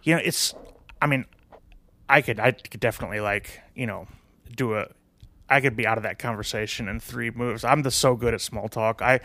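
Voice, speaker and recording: A man's voice: mid-range voice, fairly bright tone. A man co-hosting a casual podcast, cutting in with blunt, profane jokes. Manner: blunt, profane, quick jokey replies. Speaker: podcast co-host.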